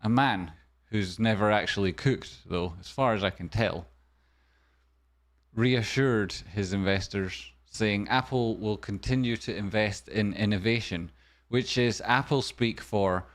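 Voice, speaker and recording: A man's voice: lowish voice, measured pace. A man hosting a stock stream, giving a comedic market news rundown with wry, jokey asides. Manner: wry, jokey asides, sudden softer murmurs.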